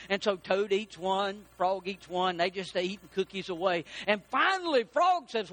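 A man preaching a sermon as pastor, telling a story with lively character voices. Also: high voice, normal speed, hardly any pauses.

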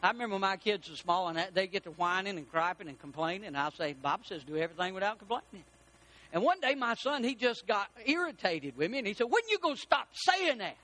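A man preaching a sermon as pastor, animated and rising to shouts for emphasis. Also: sits high, fast talker.

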